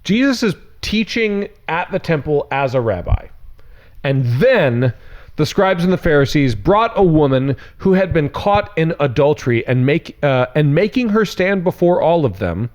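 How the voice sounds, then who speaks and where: A man preaching as a pastor in a casual, conversational sermon. He reads scripture, adds frank, sarcastic asides and laughs often. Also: fairly high pitch. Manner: frank and irreverent.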